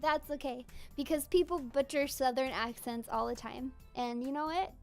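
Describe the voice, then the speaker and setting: A woman's voice: high voice, moderate pace, darkish tone, soft background music. A young woman streamer chatting casually while drawing, giggly and full of fillers. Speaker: streamer and virtual idol voice actor.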